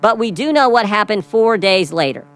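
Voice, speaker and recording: Emphatic lawmaker building a case. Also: male voice, high-pitched, expressive, moderate pace, fairly bright tone, clear, resonant tone, low-quality recording. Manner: emphatic, repeats key phrases for effect. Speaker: lawmaker speaking at a hearing. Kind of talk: prepared hearing statement.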